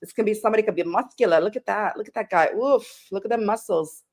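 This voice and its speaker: A woman's voice: mid-range voice, fast, a little mellow. A woman hosting a casual live-stream tarot reading, chatting and greeting viewers with pet names. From Canada.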